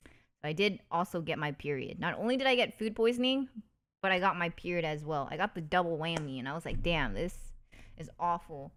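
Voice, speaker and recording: A young woman streamer telling a story in a casual, bubbly way, full of fillers and restarts. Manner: animated, putting on high eager voices when quoting people.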